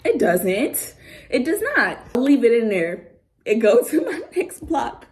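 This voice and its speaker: A young woman telling a story casually to camera, animated and slangy, swearing often. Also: on the high side, slow. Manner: animated storytelling, acts out others' voices. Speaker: vlogger.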